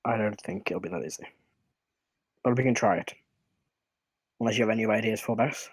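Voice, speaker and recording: Guy dm'ing a tabletop game, low husky voice, dry close mic. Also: no echo, poor audio. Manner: halting, plays NPCs in his own voice. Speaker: dungeon master.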